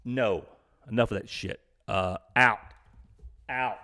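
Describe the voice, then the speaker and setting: A man's voice: on the low side, takes it slowly, bright, forceful tone, dry recording, studio quality. A middle-aged man from Texas hosting a live stream, ranting bluntly and profanely in a rambling, casual way.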